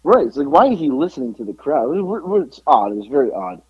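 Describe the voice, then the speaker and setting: A man co-hosting a podcast, slightly hoarse from yelling, telling animated stories in casual chat. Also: mid-range voice, quick pace, no room sound, highs cut off. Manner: animated storytelling, yelling out quotes. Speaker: podcast co-host.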